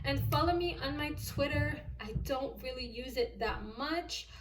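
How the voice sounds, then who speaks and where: A woman with a fairly high voice recaps a movie in a casual vlog review, full of exasperated disbelief at the plot. She sits back from the mic, and the room around her rings with echo. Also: moderate pace, noisy background. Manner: exasperated, incredulous storytelling. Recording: echoey room, distant mic.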